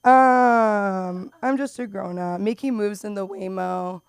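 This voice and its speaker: A young woman from Los Angeles with a Valley girl accent, doing open mic stand-up in a rambling, filler-heavy way that jumps into loud squeals. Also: medium pitch, fairly even intonation, slow, clear, resonant tone. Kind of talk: stand-up comedy. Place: comedy club.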